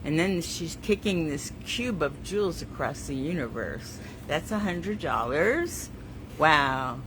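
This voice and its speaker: A woman's voice: deep voice, expressive, slow, background noise. A woman artist hosting her own weekly show, chatting casually and effusively as she shows her work, with rambling asides. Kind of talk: casual live show-and-tell.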